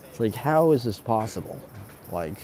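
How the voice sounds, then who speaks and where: A man's voice: lowish voice, darkish tone, a little hiss or hum. A man, a stand-up comedian, ranting in a casual monologue, agitated and profane, laughing between his complaints.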